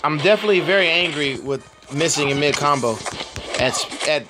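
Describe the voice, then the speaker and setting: A man in his thirties with a hoarse voice, chatting casually and laughing at himself while commenting on a mobile game at home. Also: on the high side, expressive, moderate pace, over music.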